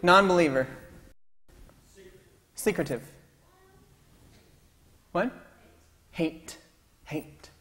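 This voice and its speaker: A man's voice: on the high side, a little hiss or hum. Pastor coaxing his congregation in a reverberant church. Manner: conversational, coaxing congregation to call out answers. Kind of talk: interactive sermon. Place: church sanctuary. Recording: long church-hall reverb, faint ambience.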